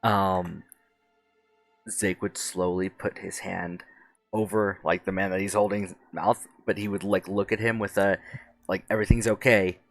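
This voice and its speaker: A man playing a tabletop game, excitable and swearing, with frequent laughs. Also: low-pitched, a little slow, dry recording, clean studio sound. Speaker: player. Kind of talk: casual tabletop play.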